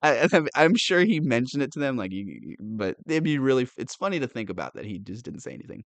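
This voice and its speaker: A man who reads news aloud and adds sarcastic, animated commentary, laughing often. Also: a little high, moderate pace, no echo. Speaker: political commentator.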